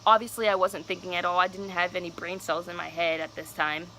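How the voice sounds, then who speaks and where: A woman's voice: fairly low pitch, level tone, fairly quick, pushed and bright, a little hiss or hum, poor audio. A young woman telling a personal story on her vlog, casual, candid and cursing freely. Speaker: vlogger.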